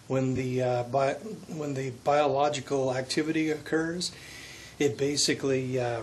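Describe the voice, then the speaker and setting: A man's voice: medium pitch, a little hiss or hum. A man casually explaining his deck garden plans, thinking aloud with lots of ums and uhs. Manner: rambling, thinking aloud with many fillers. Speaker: home gardener vlogger. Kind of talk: casual vlog monologue. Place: condo deck, outdoors.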